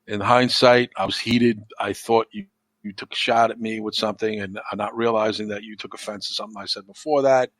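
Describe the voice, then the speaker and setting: A man's voice: lowish voice, steady tone, brisk, a bit bright, dry recording. A man chatting as a podcast guest, telling stories with plenty of swearing and acting out the arguments he quotes. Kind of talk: casual chat.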